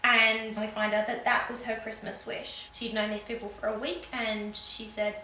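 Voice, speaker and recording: A woman's voice: fairly high pitch, flat delivery, moderate pace, few pauses, pushed and bright. A woman giving a casual, sarcastic recap of a film's plot as a reviewer. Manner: wry, sarcastic asides. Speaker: film reviewer. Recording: echoey room with faint background hum.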